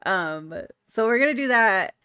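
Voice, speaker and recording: A woman's voice: a little high, expressive, a little slow, pushed and bright, smooth, no room sound, clean studio sound. A young adult woman streamer chatting casually with viewers, giggly and playful, swearing freely. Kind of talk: casual chat reading out viewer messages.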